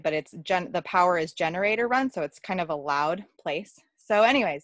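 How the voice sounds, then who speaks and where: A woman's voice: mid-range voice, a bit bright, dry recording. Chatty woman telling a story. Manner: chatty, laughing often, many fillers. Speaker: workshop participant. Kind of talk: personal storytelling.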